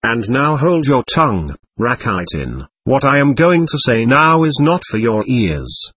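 Fiery self-accusing young woman, voiced by a man; husky, dry, animated. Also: medium pitch, measured pace, no echo, exaggerated voice. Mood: impassioned. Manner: impassioned, swinging between scorn and confession.

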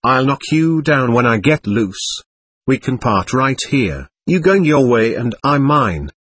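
Man voicing a stubborn angry male spirit, husky, spiky up-and-down delivery, read from a séance transcript. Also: medium pitch, sing-song, measured pace, a bit bright, no echo, full character voice. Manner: defiant, threatening, scornful. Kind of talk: reading a séance transcript aloud.

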